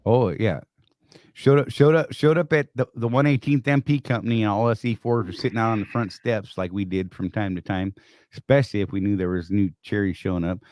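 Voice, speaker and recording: A man's voice: on the low side, steady tone, a little fast, darkish tone, no room sound, clean studio sound. A man co-hosting a casual live-stream chat, rambling through stories with frequent restarts. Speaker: co-host.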